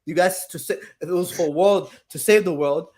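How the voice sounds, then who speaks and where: A young man co-hosting a casual chat, rambling and halting as he complains. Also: sits high, darkish tone. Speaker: co-host.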